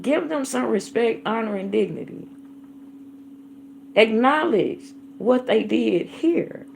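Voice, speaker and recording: A woman's voice: fairly high pitch, expressive, takes it slowly, creaky, a little mellow, a little hiss or hum. A woman hosting a livestream, delivering an impassioned, preachy monologue that calls listeners baby and honey and rises to emphatic declarations. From United States. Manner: emphatic, rising to angry declarations. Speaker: livestream host.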